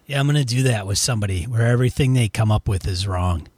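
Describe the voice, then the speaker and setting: A man's voice: on the low side, fast talker, darkish tone, breathy edge, dry recording. A man co-hosting a casual tabletop gaming podcast, joking playfully with his co-host.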